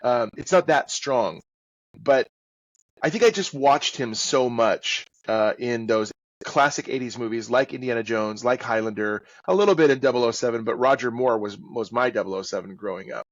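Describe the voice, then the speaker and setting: A man's voice: mid-range voice, normal speed, no room sound, muffled recording. Man, interview guest, chatty, self-deprecating, playful with voices, dry close sound. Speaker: guest author and audiobook narrator. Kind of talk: casual interview chat.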